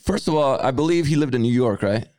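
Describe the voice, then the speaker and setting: A man's voice: mid-range voice, fast talker, dry recording, studio quality. A man with a Mexican accent co-hosting a podcast, chatting casually and joking around. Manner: animated, playful, jokes around. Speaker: podcast co-host. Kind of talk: casual chat.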